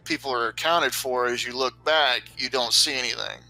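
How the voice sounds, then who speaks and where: A man's voice: mid-range voice, steady tone, normal speed, sharp tone, soft background music, rough recording. A man narrating a tabletop game as game master over an online voice call, rambling and loose with many fillers.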